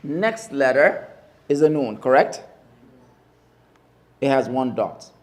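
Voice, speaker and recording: A man teaching Arabic letters in a mosque class, slowly drilling each sound and repeating the spelling emphatically. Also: mid-range voice, expressive, darkish tone. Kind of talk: classroom lesson.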